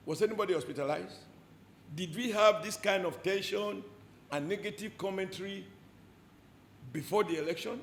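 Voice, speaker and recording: Emphatic Nigerian politician in an echoey room. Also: male voice, high-pitched, moderate pace, slight background noise. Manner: forceful, rhetorical, repeats short punchy phrases.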